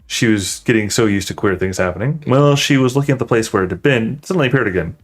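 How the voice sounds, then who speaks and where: A man's voice: medium pitch, fast. A man reading a storybook aloud on a livestream, breaking off for chatty, hesitant asides.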